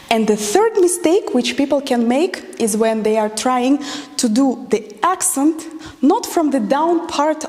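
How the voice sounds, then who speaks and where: A woman's voice: a little high, darkish tone. A woman teaching a dance lesson, counting beats aloud as she demonstrates moves and explains common mistakes. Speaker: dance instructor. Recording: long hall reverb.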